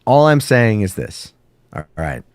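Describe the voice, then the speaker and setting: A man co-hosting a casual movie talk show over a call, crude and joking while sick and hoarse. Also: lowish voice, big pitch swings, unhurried, no echo. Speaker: co-host. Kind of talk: casual banter.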